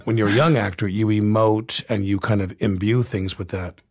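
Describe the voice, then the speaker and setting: A man interviewing a guest in a relaxed, teasing way, also telling stories from his acting work. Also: fairly low pitch, moderate pace. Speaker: interviewer and actor. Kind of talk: casual interview conversation.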